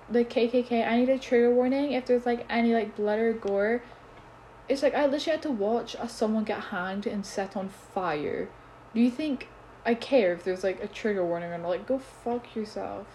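A woman's voice: on the high side, mellow, slight background noise. A teenage girl hosting a solo podcast, ranting bluntly and swearing in a casual, exasperated way.

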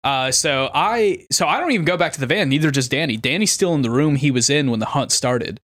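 A male podcast co-host chatting casually with friends. He tells stories with a swinging, expressive pitch, slightly higher than most men, and acts out quoted lines. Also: fairly quick, dry recording, studio quality. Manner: animated storyteller, acts out quotes. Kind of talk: casual group chat.

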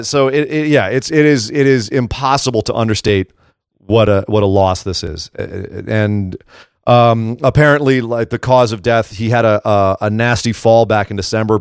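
Animated man chatting wrestling news, dry sound. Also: lowish voice, clean tone, no echo. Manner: animated, quick asides, many restarts. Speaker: podcast co-host. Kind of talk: casual wrestling news chat.

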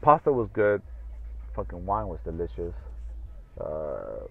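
A man's voice: deep voice, wildly swooping pitch, a little slow, creaky. A man hosting a podcast in casual solo talk, rambling and swearing freely with lots of fillers. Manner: rambling, profane, full of fillers. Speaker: podcast host. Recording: tinny phone-like audio.

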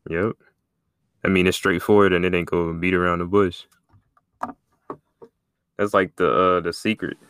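A man hosting a podcast interview, asking questions and chiming in with relaxed, affirming agreement. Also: low-pitched, normal speed, pauses often, slight background noise. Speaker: podcast host. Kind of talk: casual chat.

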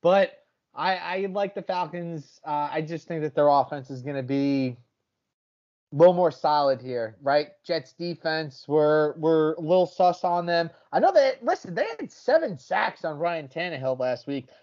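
A man's voice: a little high, measured pace, darkish tone, dull audio. A man hosting a sports betting podcast in casual, brash chat, swearing freely as he talks picks.

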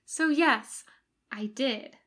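A woman's voice: sits high, extremely slow, a bit bright, heavily acted. A woman voicing a grumpy, sleep-deprived female officer who grumbles curtly, in a read-aloud fan fiction. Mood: grumbling. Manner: grumbling and curt. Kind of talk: podfic fan fiction reading.

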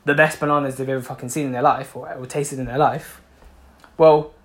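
A man's voice: medium pitch, little pitch movement, fairly quick, a bit bright. A man giving a passionate motivational talk, repeating himself for emphasis and swearing freely. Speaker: motivational speaker.

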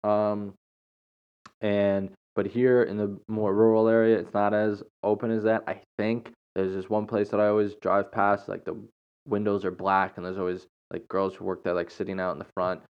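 A man's voice: lowish voice, little pitch movement, moderate pace, clean tone. A man hosting a podcast, telling a story in a casual, rambling way, full of fillers, restarts and chuckles. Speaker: podcast host. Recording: dull lo-fi recording.

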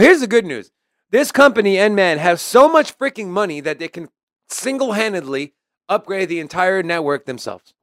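A man's voice: on the high side, dry recording, studio quality. A man co-hosting a casual podcast, reading news aloud and commenting in a chatty way. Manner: chatty, reads article quotes then comments. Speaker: podcast co-host.

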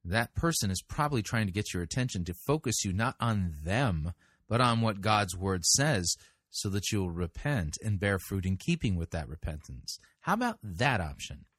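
A man's voice: deep voice, big pitch swings, normal speed, a bit bright, breathy edge, no echo, clean studio sound. A man commenting on a sermon clip, sarcastic and pointed, firing rhetorical questions. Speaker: podcast critic, sermon reviewer.

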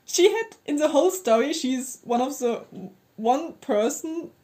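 A woman in casual chat, co-reading a story she helped write, giggly and excitable. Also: high-pitched, a little slow.

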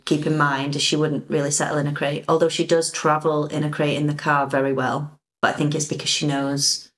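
Low-voiced woman chatting casually. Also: level tone, fairly quick. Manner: chatty storyteller, frequent ums. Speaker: podcast co-host. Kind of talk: casual chat.

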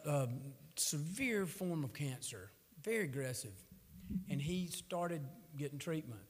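Preacher in a reverberant hall. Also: male voice, a little high. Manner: folksy storytelling, rising to fervent. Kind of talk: sermon.

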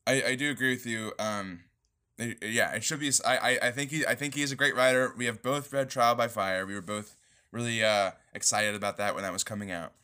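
A man co-hosting a podcast, chatting casually and animatedly, retelling scenes with quick impressions. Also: medium pitch, fairly even intonation, bright, forceful tone. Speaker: podcast co-host. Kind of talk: casual review chat.

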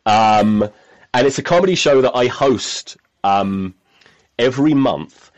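A man's voice: medium pitch, expressive, takes it slowly. A man hosting a podcast, telling rambling, self-mocking stories in casual chat and swearing freely. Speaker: podcast host.

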